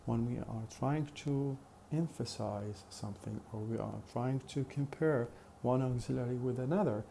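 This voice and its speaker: A man's voice: medium pitch, normal speed, gravelly, mellow, slight background noise. A man teaching a phonetics lesson in a methodical way, with many fillers and repeated examples. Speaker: phonetics lecturer. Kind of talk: recorded lecture.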